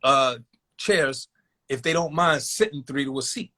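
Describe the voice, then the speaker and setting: A man telling a long personal story in a casual, animated way, acting out voices in quotes. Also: mid-range voice, unhurried.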